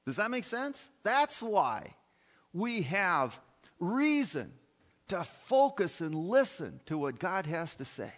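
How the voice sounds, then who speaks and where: A man's voice: high voice, big pitch swings, takes it slowly, a bit bright, in a large hall. A man preaching a sermon in an emphatic style, full of fillers and restarts, in a church. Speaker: pastor.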